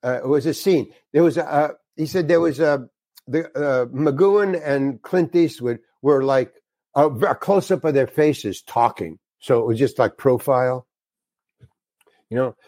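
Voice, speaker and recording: A man's voice: medium pitch, unhurried, dark tone, no echo. Older man telling a rambling story. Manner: rambling, full of restarts and casual slang. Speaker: guest actor. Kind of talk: casual anecdote storytelling.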